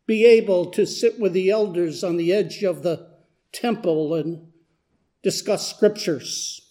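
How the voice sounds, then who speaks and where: A man's voice: high voice, dark tone. A man performing a first-person dramatic monologue as a blind beggar, speaking earnestly and building in intensity. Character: blind beggar man, humble then desperate. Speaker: dramatic storyteller.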